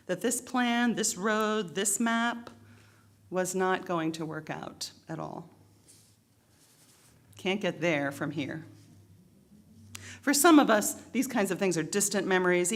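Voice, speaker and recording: A middle-aged woman pastor reads scripture and then preaches in a low, expressive voice. She uses dramatic pauses and lets key phrases land. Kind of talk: scripture reading and sermon. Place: church sanctuary.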